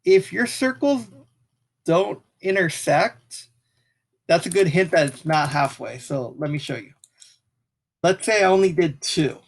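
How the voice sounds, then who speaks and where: A young man with a fairly high voice walks through a geometry tutorial in a loose, casual way. He talks as he clicks through the software and pauses to apologize for small slips, speaking into a desk mic at his computer. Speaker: math tutor. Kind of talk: screen-recorded software tutorial.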